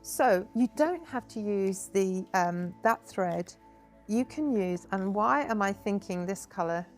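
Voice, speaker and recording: A woman's voice: mid-range voice, expressive, slow pace, faint music behind. A woman hosting a hands-on crafting workshop, chatty and encouraging, praising her guests often as she explains each step. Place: indoor crafting table.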